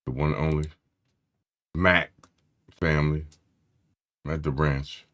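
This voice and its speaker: Very deep-voiced man hosting a tech live stream. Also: fairly even intonation, unhurried, fairly bright tone. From Philadelphia area. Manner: loose, slangy, greets chat by name. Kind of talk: casual live stream chat.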